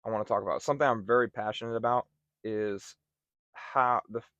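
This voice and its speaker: A man's voice: on the low side, steady tone, fairly quick, fairly bright tone, dry recording. A young man co-hosting a podcast, reflecting earnestly in casual chat. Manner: earnest, reflective, with many fillers. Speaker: podcast co-host.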